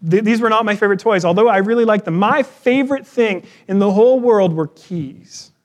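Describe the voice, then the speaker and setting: A man preaching a sermon in a relaxed, conversational way, weaving in personal stories. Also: high-pitched, brisk. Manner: conversational, storytelling with personal anecdotes. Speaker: pastor.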